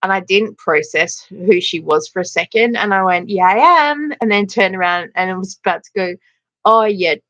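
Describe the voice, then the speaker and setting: A woman's voice: fairly low pitch, fairly even intonation, a little fast, hardly any pauses, fairly bright tone, muffled recording. A middle-aged Australian woman hosting a casual livestream, chatting and laughing as she greets viewers by name. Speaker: livestream host. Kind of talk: casual livestream chat reading comments.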